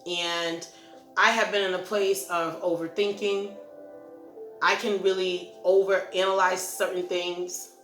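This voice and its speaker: Her voice sits on the low side, level and unhurried with a fairly bright tone. She hosts a Christian ministry channel and gives a casual, encouraging talk to camera that's earnest, rambling, and self-reflective, recorded in an echoey room with faint music.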